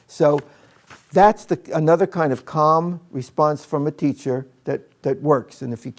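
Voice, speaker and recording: Gravelly man demonstrating classroom technique. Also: fairly high pitch. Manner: calm and direct, speaks to the room. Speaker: teacher trainer.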